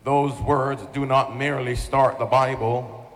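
A man's voice: mid-range voice, level tone, measured pace. A man preaching a sermon in a large hall, calling out to the congregation and repeating lines for emphasis while an interpreter follows him. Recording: echoey hall with long reverb.

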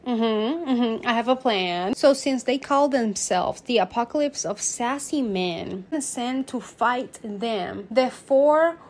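A woman's voice: on the high side, slow, hardly any pauses. A young woman vlogger narrating an invented history in a dramatic, playfully over-serious way. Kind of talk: mock-serious comedic history storytelling.

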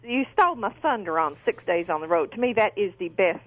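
A woman's voice: medium pitch, lively intonation, brisk, dry recording, lo-fi sound. A woman calling in to a radio show, chatting eagerly and giggling as she talks. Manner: chatty, giggly, warm-hearted. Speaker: caller. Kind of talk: casual call-in chat.

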